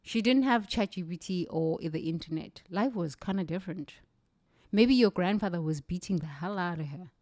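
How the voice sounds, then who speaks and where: A woman's voice: lowish voice, moderate pace, a little mellow, no echo, studio quality. A middle-aged South African woman, a native Zulu speaker, giving an impassioned motivational talk with emphatic, repeated phrases. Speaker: livestream speaker.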